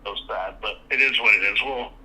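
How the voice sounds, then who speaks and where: A man's voice: lowish voice, brisk, pushed and bright, husky. A man on a phone call, consoling and encouraging the person he is speaking with. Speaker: caller. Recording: noisy phone line.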